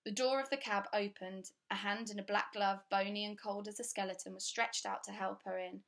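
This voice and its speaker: A woman reading a children's story aloud with clear, steady, expressive storytelling. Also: medium pitch, a little fast. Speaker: audiobook reader.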